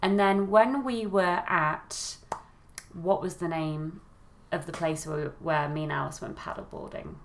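A woman's voice: on the low side, steady tone, a little slow. A woman co-hosting a podcast in casual chat, talkative and giggly with a self-deprecating streak. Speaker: podcast co-host.

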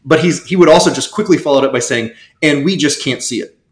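A man's voice: a little high, fast talker. Rambling man in an echoey room. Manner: animated, rambling, lots of restarts. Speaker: guest scholar. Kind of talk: casual interview talk.

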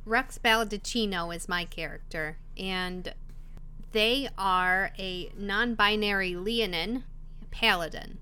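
A woman's voice: mid-range voice, slow, sharp tone, clean tone. A woman player casually introducing her tabletop character, teasing and brash.

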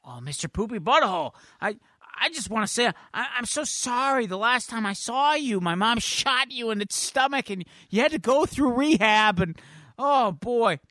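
A man's voice: very high-pitched, lively intonation, moderate pace, sharp tone, no room sound, pitched above the performer's own voice, full character voice. A man voicing a whiny, sulky teenage girl while reading a comic aloud. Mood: apologetic. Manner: exasperated, whiny.

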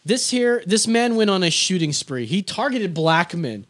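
A man hosting a podcast in casual chat, swearing freely and rambling excitedly. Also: high voice, normal speed. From Filipino family. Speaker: podcast host.

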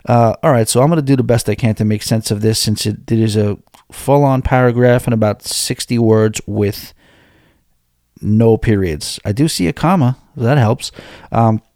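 A man's voice: mid-range voice, moderate pace, a little mellow, no echo. Candid man hosting a podcast, dry sound. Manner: candid, rambling, restarts mid-sentence. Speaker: podcast host. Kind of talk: casual podcast talk, reading listener emails.

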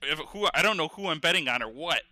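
An excitable man chatting on a podcast, rambling and breaking into laughs. His voice is very bright and edgy. The sound is dry and close. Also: on the high side, quick pace, no echo. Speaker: podcast co-host. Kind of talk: casual chat. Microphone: headphones on, podcast mic.

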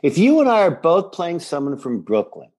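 Animated man chatting on a rewatch podcast. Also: fairly high pitch, moderate pace, breathy edge. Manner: animated, acts out lines from scenes. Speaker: podcast co-host. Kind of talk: casual rewatch chat.

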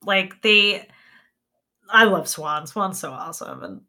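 A woman's voice: on the low side, big pitch swings, takes it slowly, pushed and bright. A woman co-hosting a podcast in casual chat, talking animatedly with lots of filler words. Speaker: podcast co-host.

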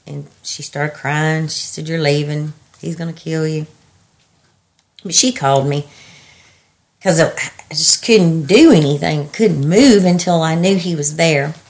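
A woman, telling her story as an interviewee in halting bursts full of restarts. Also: low-pitched. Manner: halting, breathless retelling with restarts and laughter. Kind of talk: personal storytelling.

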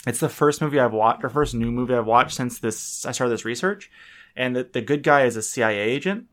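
A man's voice: medium pitch, a little fast, a bit bright. A young man hosting a casual podcast, who rambles, interrupts himself and laughs often. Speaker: podcast host.

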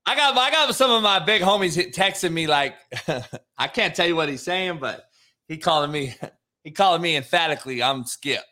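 A man's voice: on the high side, lively intonation, moderate pace, sharp tone. A man hosting a casual sports debate show, brash and profane, often laughing and ribbing his co-host.

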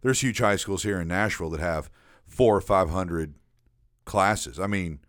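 Young dude, crude jokes, bit of a low voice, dry sound, loose chat. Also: male voice, a little slow, a bit bright, dry recording. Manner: joking, crude banter, stumbles when he starts a story. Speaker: podcast co-host. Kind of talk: casual chat.

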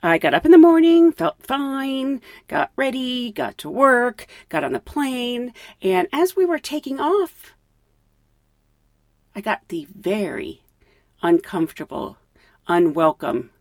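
A woman's voice: fairly high pitch, takes it slowly, dry recording. A woman who works as a flight attendant, telling funny work stories in a casual, laughing way and acting out quotes. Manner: animated, laughing, acts out quotes. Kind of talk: casual storytelling.

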